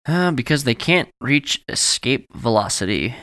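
A man playing a wry, steady novelist. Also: medium pitch, measured pace, smooth, dry recording, clean studio sound. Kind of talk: audiobook character voice.

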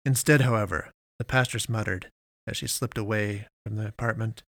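Low-voiced man reading a story. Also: fairly bright tone, no echo, clean studio sound. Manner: measured, deliberate, with long pauses. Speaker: narrator. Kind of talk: scripted story narration.

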